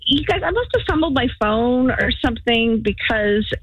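Lively, animated woman caller. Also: on the high side, normal speed, slightly rough, rough recording. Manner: animated, laughing storyteller. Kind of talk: phone-in story on a radio show.

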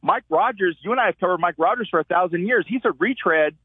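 A man, a columnist guest, telling stories in an animated way and acting out the quotes he tells. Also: sits high, fast talker, breathy edge, no echo. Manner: animated storyteller, acts out quotes. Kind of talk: call-in commentary. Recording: tinny phone line.

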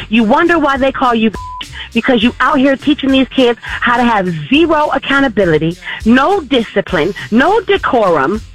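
A woman's voice: on the high side, poor audio. A woman calling in to a radio talk show, scolding and indignant. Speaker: caller. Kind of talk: phone-in rant.

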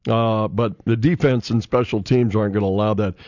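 A man hosting a casual sports talk show, halting and full of fillers and restarts. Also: fairly low pitch, steady tone, a little mellow, dry recording, dull audio. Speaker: sports radio host.

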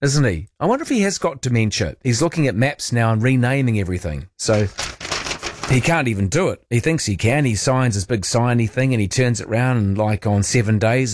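A man's voice: medium pitch, lively intonation, normal speed, no echo. A man with a New Zealand accent hosting morning radio, chatting about the news with a joking, wry manner. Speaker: radio host. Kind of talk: casual morning radio chat.

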